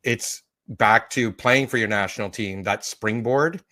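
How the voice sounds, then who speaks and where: A man's voice: on the low side, a little slow, sharp tone. Jokey man co-hosting a sports podcast. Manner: jokey, chatty, laughs often. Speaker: podcast co-host. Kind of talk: casual sports podcast chat.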